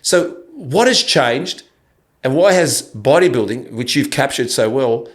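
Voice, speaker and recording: An Australian man in his fifties hosts a relaxed podcast conversation. He rambles, circles back and restarts his sentences as he feels his way toward a question. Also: mid-range voice, unhurried. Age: 50s. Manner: rambling, loose, with restarts and laughs. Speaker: podcast host. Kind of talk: casual interview chat.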